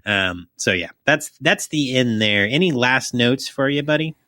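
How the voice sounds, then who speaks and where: A man's voice: medium pitch, expressive, a little slow, sharp tone, dry recording, clean studio sound. A young man co-hosting a podcast, chatting loosely and profanely, joking and reading a plot summary aloud. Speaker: podcast co-host.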